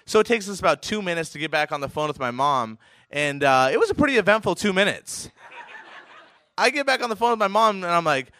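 A man recounts a personal story in a casual, animated way, chuckling and tripping over restarts. His voice sits a touch high and sounds crisp and clear. The sound is dry and close to the mic. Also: fairly quick, no room sound. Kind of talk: casual spoken anecdote.

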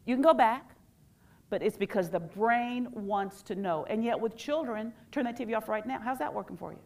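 A middle-aged woman and former teacher giving a lively workshop talk, quizzing the audience and leading call-and-response. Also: on the high side, normal speed. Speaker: educator and workshop speaker.

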